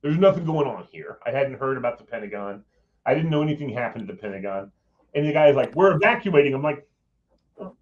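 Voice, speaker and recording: A man's voice: mid-range voice, animated, fast talker, a little mellow. A man telling a personal story in a rambling, casual way, with some swearing, acting out what others said. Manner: rambling, swears, acts out quoted voices. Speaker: former Capitol Hill staffer telling a story. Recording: dull lo-fi audio.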